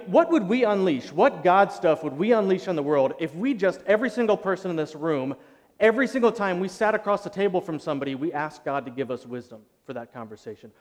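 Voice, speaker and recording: A man preaching a sermon from the pulpit, telling a story with strong emphasis that swings between loud passages and hushed ones. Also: a little high. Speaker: pastor. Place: church sanctuary. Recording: long reverb of a church hall.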